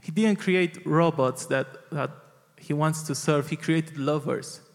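A man's voice: fairly high pitch, slow pace, long reverb tail. A man preaching a sermon in an earnest, heartfelt way, often restarting his phrases.

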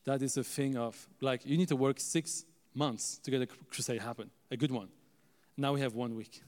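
A male preacher telling a story in an animated sermon, calling out to the audience for amens. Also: medium pitch, moderate pace. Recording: echoey hall.

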